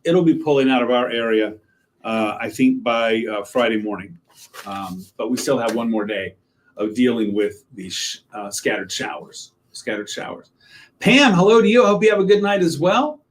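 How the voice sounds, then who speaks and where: A man's voice: mid-range voice, normal speed. A man, a TV meteorologist giving a casual live weather update, chatting and joking with viewers and greeting them by name. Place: TV station weather set.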